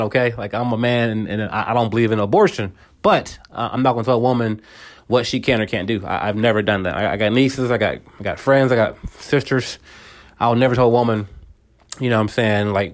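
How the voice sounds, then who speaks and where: A man hosting a podcast, talking in a casual personal monologue, often stumbling and repeating words. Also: fairly low pitch. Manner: halting, repeats words, casual slang like "bro". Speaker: podcast host.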